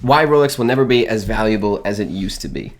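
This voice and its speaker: A man's voice: on the low side, lively intonation, fast talker. A man co-hosting a casual chat show. He talks in a laid-back way, laughs often and drops dry asides. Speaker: co-host.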